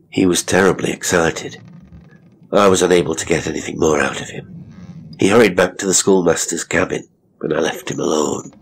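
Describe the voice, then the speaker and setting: A man narrates a classic horror story in a measured, dramatic way. His voice sits very low and has a gravelly texture. Faint noise runs underneath.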